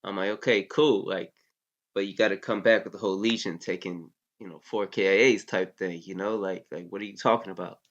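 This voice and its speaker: This interview guest is a man in his thirties from the United States who served in the Army, and his low-pitched voice moves a little fast with fairly even intonation. He tells his story loosely and casually, leaning on fillers like "you know" and swearing without hesitation. The audio sounds dull and lo-fi.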